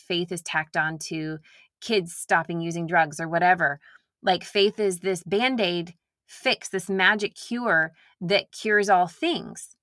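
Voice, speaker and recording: A Nashville, Tennessee woman speaks candidly and earnestly to her listeners in a casual, reflective monologue, sometimes slipping into mocking impressions of herself. Her voice is fairly low, pushed, and bright, captured as clean studio sound with no echo.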